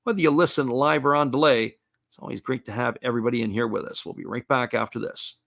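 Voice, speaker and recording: A man giving live baseball play-by-play commentary, folksy and steady, reading out chat messages between pitches. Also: fast, gravelly.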